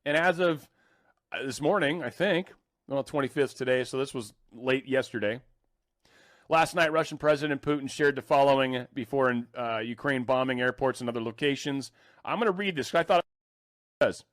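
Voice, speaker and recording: A man's voice: mid-range voice, normal speed, fairly bright tone, dry recording, studio quality. A man casually reading news articles aloud and adding sarcastic, joking remarks between passages. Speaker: commentary host reading news.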